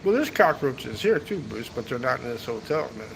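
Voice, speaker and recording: A man's voice: medium pitch, very animated, moderate pace, vocal fry, a little hiss or hum, low-quality recording. A man chatting casually on a travel livestream from a hotel rooftop, rambling and swearing, ending his sentences with "man". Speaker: travel vlogger. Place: hotel rooftop seating area, outdoors.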